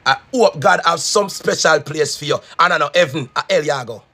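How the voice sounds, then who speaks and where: A man's voice: fairly high pitch, a little fast, sharp tone. A man ranting in a mocking, repetitive way in a reaction video. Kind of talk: heated video rant.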